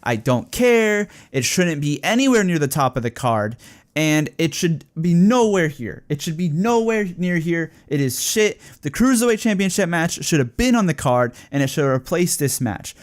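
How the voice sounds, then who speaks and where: A young man giving casual, opinionated solo commentary, profane and ranting, growing excited as he talks. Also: fairly high pitch, normal speed. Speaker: wrestling podcaster.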